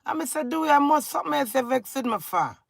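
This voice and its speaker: A woman's voice: high voice, lively intonation, quick pace, vocal fry, dry recording. A middle-aged Jamaican woman ranting to her husband in a scolding, confrontational way, talking in patois. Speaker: vlogger. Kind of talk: emotional rant to camera.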